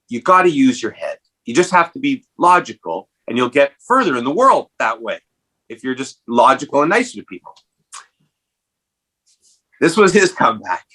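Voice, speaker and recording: A man hosting a casual podcast chat, telling a story animatedly and jumping up in pitch when acting out quotes. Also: pushed and bright, husky, rough recording. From Canada. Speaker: podcast host.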